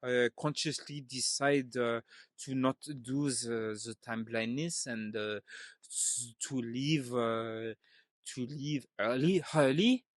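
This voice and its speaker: A man's voice: medium pitch, no room sound, clean studio sound, lightly acted. A man doing a nagging dad with a French accent. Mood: lecturing. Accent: put-on French. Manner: halting, stammering delivery. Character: exasperated middle-aged father nagging his wife.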